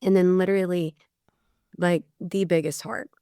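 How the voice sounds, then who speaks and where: A woman's voice: on the low side, moderate pace, clean tone, no echo, studio quality. A woman in her forties, a bereaved mother and podcast guest, telling stories in casual chat and acting out the people she quotes. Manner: chatty, animated when quoting others.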